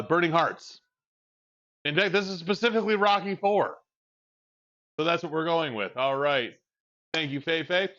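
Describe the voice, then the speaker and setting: A man's voice: on the high side, a bit bright, dull audio. A man with a young child streams from home, chatting casually in a rambling, frank way and swearing freely into a desk mic. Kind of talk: casual chat while livestreaming.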